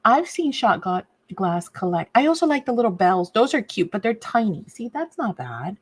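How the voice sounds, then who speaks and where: A woman's voice: medium pitch, very animated, normal speed, breathy edge. A woman hosting a casual craft livestream, chatting with viewers and fussing over a sore torn nail. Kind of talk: casual live chat while crafting.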